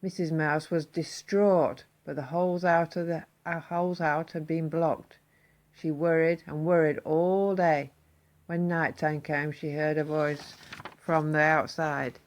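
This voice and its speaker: Expressive woman reading a children's story. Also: low voice, a little slow. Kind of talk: children's story read-aloud.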